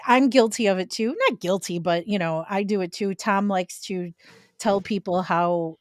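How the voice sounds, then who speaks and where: A woman's voice: medium pitch, moderate pace, dry recording, studio quality. A woman co-hosting a podcast, talking in a playful, teasing way and laughing easily. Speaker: podcast co-host. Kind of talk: casual chat.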